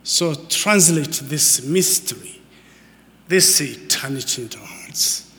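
Guest preacher, man in his 50s, unhurried, ringing delivery, big hall echo. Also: on the high side. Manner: excitable, emphatic, folksy asides to the congregation. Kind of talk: sermon. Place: church sanctuary. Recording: long church hall reverb.

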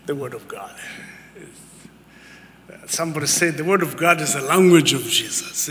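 A man in his fifties preaching a sermon as a guest preacher, excitable and emphatic with folksy asides to the congregation, in a church. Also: medium pitch, slight background noise. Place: church sanctuary. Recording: long church hall reverb.

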